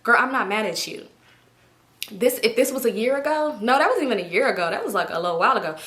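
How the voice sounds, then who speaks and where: A young adult woman telling a casual storytime, animated, swearing freely and acting out what people said. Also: a little high, fast. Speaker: YouTube storyteller.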